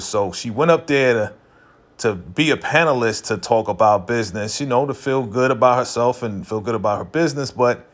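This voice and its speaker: A man talks through a TV episode in a relaxed, conversational way, constantly checking in with "you know" and "right?". He slips into the characters' lines mid-story as he retells the scenes. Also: on the low side. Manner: acts out characters' lines in quick asides. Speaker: TV recap vlogger. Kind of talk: casual episode recap.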